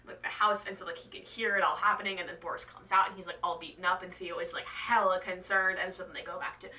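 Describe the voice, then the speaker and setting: A young woman talking casually to camera as a vlogger, chatty and excitable, with lots of "like"s and swearing. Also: lowish voice, quick pace, recorded from a distance, poor audio. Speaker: author and book vlogger.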